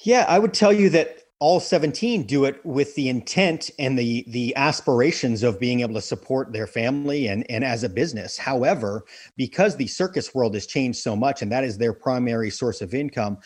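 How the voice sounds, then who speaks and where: A man in his forties answers interview questions in a husky, slightly breathy voice. He tells stories with earnest, animated enthusiasm. His voice is recorded dry, with no room sound. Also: mid-range voice, normal speed, few pauses, dry recording. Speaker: guest, professional wire walker. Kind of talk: casual interview conversation.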